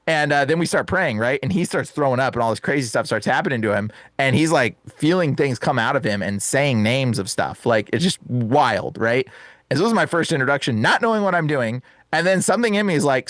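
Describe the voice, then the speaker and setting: A young man, a guest exorcist, telling a story in casual chat, animated and acting out the voices, saying "bro" a lot. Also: mid-range voice, no room sound. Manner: says "bro" and "like" often.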